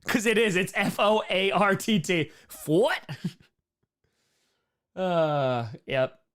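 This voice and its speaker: A man with a hoarse, worn-out voice hosting a casual live Q&A, joking and rambling as he reads chat questions. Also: high-pitched, lively intonation, slow pace, a bit bright. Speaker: live stream host answering chat.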